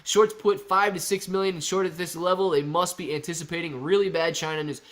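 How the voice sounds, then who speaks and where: Man, livestream host, excited casual chat, rattles off prices, fairly high voice. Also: fairly quick. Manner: excited, calls out prices like an auctioneer. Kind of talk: live stock-market chat reading viewer comments.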